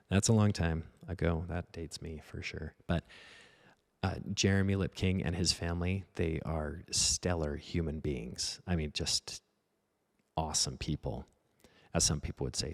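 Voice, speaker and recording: A man's voice: rumbling low, gravelly, darkish tone. A man in his forties, a painter and art teacher, talking casually while he paints, rambling and self-deprecating.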